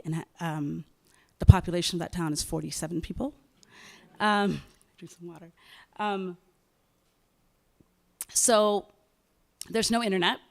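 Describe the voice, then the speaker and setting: Woman novelist telling a dramatic story. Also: on the low side. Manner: animated, dramatic storytelling with acted dialogue and laughs. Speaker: novelist speaking at a writers' event. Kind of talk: live storytelling talk.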